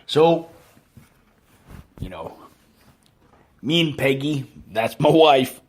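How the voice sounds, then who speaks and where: A self-righteous middle-aged rock-star father rambles slowly through his stories, as a man puts on the impression. His voice is husky and drawling, and it rises and falls widely. He talks unhurriedly, full of pauses and bluster. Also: medium pitch, animated. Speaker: podcast host. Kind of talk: comedic impression monologue.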